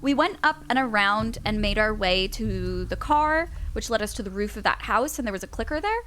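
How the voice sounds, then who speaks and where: A woman's voice: mid-range voice, lively intonation, moderate pace, fairly bright tone, slight background noise. A woman streaming a game, chatting to viewers and coaxing her character along. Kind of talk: live gameplay commentary.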